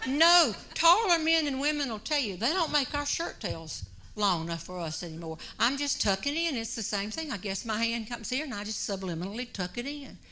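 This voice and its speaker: A woman telling a self-deprecating comic story to an audience in an animated way. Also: on the high side, brisk, a little hiss or hum. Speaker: humorous speaker.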